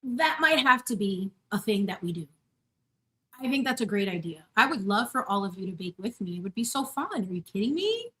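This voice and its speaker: A woman's voice: medium pitch, sing-song, a little fast, fairly bright tone. A woman in her thirties hosting a casual live stream from her home kitchen, baking and chatting effusively with viewers. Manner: bubbly and effusive, greets viewers by name. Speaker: channel host.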